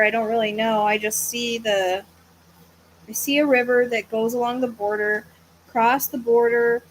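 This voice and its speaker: A woman's voice: on the high side, slight background noise, low-quality recording. Tired, hesitant woman thinking aloud. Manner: hesitant, searching, trailing off into self-corrections. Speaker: psychic medium host. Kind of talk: live-stream reading, thinking aloud.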